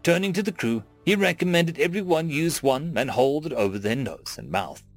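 A man reading a humorous science fiction story aloud in a wry, expressive storytelling manner. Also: a little high, moderate pace, faint music behind. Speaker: story narrator. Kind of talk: scripted narration.

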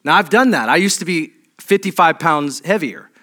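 A man's voice: on the high side, lively intonation, moderate pace, bright, forceful tone. A middle-aged man preaching a sermon as pastor, conversational and humorous, with restarts and asides to the congregation.

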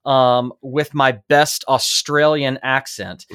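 Male podcast host, mid-pitched voice, enthusiastic, casual interview chat. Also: steady tone, slow pace, a bit bright, clean tone. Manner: upbeat, enthusiastic.

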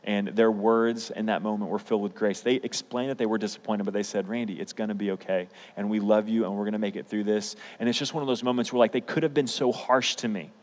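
A man's voice: fairly low pitch, steady tone, fast, few pauses, a little mellow. A young man preaching a sermon, telling personal stories in a casual, emphatic way. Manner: storytelling, conversational, emphatic. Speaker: pastor. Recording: hall reverb.

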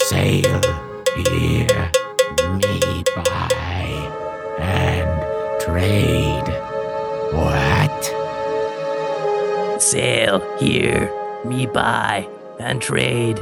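An actor voicing a greedy male troll trader in a video game, with a gravelly, drawling voice. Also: low voice, steady tone, extremely slow, pauses often, over loud music, pitched below the performer's own voice, full character voice. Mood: gruff.

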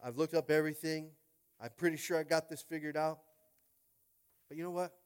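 Animated male preacher, higher-pitched voice. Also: fairly quick, clear, resonant tone. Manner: animated preaching, call-and-response asides, voices swing loud to hushed. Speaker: pastor. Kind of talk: sermon.

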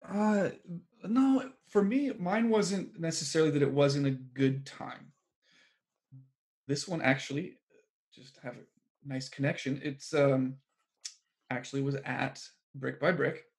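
Gravelly, lively man in casual chat. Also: medium pitch, a little slow, long pauses. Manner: animated storyteller, exclamatory, many fillers. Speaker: podcast co-host.

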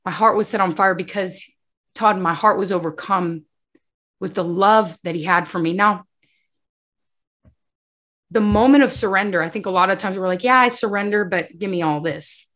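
Animated woman telling her faith story. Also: medium pitch, normal speed, pauses often. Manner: animated storyteller who acts out dialogue and often addresses the host. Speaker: guest sharing her testimony. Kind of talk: emotional faith testimony in conversation.

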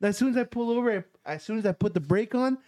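A man telling a profane story to friends, animated and laughing as he goes. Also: high-pitched, fast. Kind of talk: casual storytelling among friends.

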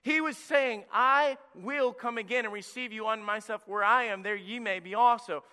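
Pastor type, male, high and bright, lively preaching, long reverb. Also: normal speed, clean tone. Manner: energetic, preachy, drops to a hush for emphasis. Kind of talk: children's sermon.

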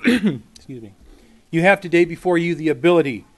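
A man's voice: a little high, lively intonation, moderate pace. A man reading prepared testimony at a podium in a formal, earnest way. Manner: formal, earnest, speech-like delivery. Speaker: public witness at a legislative hearing.

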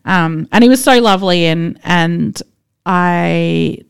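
A woman's voice: on the low side, slow, gravelly, clear, resonant tone. A woman, a nurse co-hosting a podcast, telling work stories in casual chat and laughing often. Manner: chatty storyteller, laughs often.

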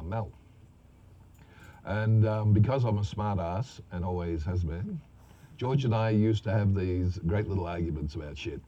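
A man with a deep, warm voice tells salty showbiz anecdotes, cursing freely and laughing at his own jokes. The recording is dull and lo-fi with a faint hiss underneath. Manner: profane, laughing, animated storyteller. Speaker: actor telling anecdotes. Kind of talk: casual storytelling interview.

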